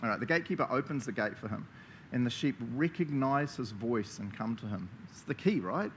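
A man's voice: mid-range voice, animated, a little fast, fairly bright tone, a little hiss or hum. A man with a New Zealand accent preaching a conversational sermon, enthusiastic and chatty, laughing often as he talks. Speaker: pastor.

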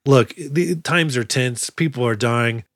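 A man's voice: medium pitch, takes it slowly, a bit bright, dry recording, studio quality. A man co-hosting a podcast in casual chat, recapping film scenes with crude jokes. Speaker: podcast co-host.

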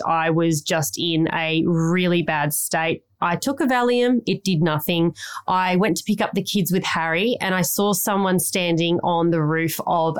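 Australian woman, casual podcast chat, rambling, casual swearing, low-ish voice. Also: smooth. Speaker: podcast co-host.

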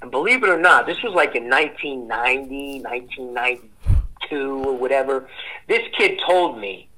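Bright, profane storytelling man. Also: medium pitch, moderate pace, poor audio. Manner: rambling, profane, animated storyteller. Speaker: podcast guest. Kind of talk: casual storytelling.

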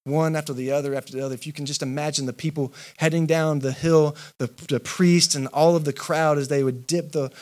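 A man's voice: on the high side, fairly even intonation, brisk, hardly any pauses, a little mellow. Man preaching with impassioned repetition. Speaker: pastor. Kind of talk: sermon.

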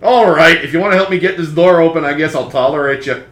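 A man voicing a cranky male coffin construct in a tabletop game, shouting curt lines, recorded in an echoey room. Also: a little high, fast, pitched above the performer's own voice, close to an everyday voice. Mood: grudging. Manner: shouty, curt, prefixes lines with speech type.

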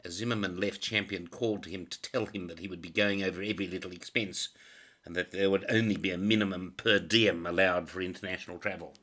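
A man's voice: deep voice, steady tone, fast, sharp tone. A man narrating a crime novel in a dry, sardonic manner. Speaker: audiobook narrator.

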